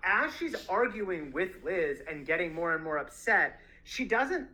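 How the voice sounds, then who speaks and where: A man's voice: high voice, big pitch swings, measured pace, sharp tone, rough recording. A man co-hosting a book discussion podcast, talking reflectively and reading quotes aloud. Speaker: podcast co-host.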